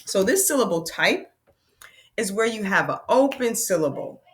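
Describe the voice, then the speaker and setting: A woman teaching a phonics lesson to children, sounding out words slowly and patiently. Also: mid-range voice, lively intonation.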